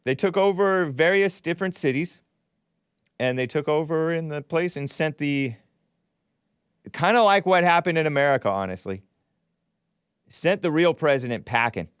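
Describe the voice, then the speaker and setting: A man's voice: on the high side, normal speed, long pauses, smooth, dry recording, clean studio sound. A man hosting a talk show, delivering a casual monologue in a sardonic, mocking tone and laughing at his own remarks.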